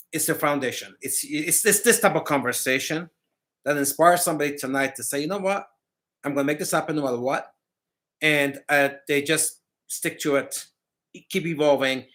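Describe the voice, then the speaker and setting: A man's voice: on the high side, fairly bright tone. A man hosting a casual chat, speaking conversationally with some hesitant fillers. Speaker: host.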